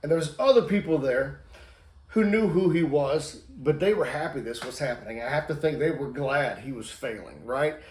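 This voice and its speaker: A man's voice: a little high, normal speed, darkish tone. A man giving an earnest sermon, telling a story, acting out the quoted lines and repeating phrases for emphasis. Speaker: preacher. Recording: roomy echo.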